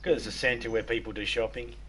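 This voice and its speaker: A man's voice: medium pitch, fairly even intonation, fast, fairly bright tone, breathy edge. Laid-back Australian man telling crude jokes. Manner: crude jokes in a laid-back drawl, says "mate" often. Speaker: streamer host. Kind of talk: casual joke-telling chat.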